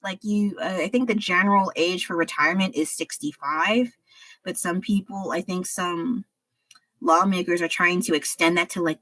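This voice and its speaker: Woman streamer, lowish voice, dry close sound, loose rambling chat while painting, a bit unwell. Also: normal speed, a bit bright, no echo, rough recording. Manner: rambling, sighing and laughing. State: under the weather. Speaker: art livestreamer.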